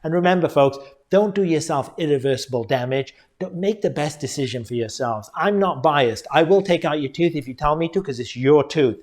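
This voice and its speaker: A middle-aged man with a slightly higher voice, speaking as a dentist explaining things to his viewers. He talks earnestly and directly, often calling his audience folks. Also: animated, fairly quick, a little mellow. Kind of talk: educational talk to viewers.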